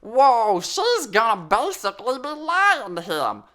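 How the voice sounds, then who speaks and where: A goofy talking sheep storyteller, voiced by a woman, chats with kids between lines of a fairy tale. Her bright, lively voice swoops up and down as she teases the characters with sassy asides. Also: fairly high pitch, a little slow, faint music behind. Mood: chatty. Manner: playful, chatty, sassy asides to the listener. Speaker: storyteller host. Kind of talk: children's puppet story reading.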